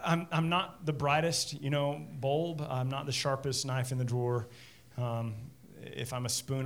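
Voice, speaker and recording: A man's voice: medium pitch, slight background noise. A middle-aged man preaching a sermon as pastor, chatty and self-deprecating, often repeating words as he starts a sentence. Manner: animated.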